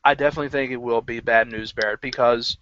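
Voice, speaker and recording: A wrestling pundit rambles through his picks in a casual prediction vlog, full of "um"s, "like"s and restarts as he corrects himself. His mid-range voice is level, a bit bright, and at normal speed. The recording is dry, dull and lo-fi.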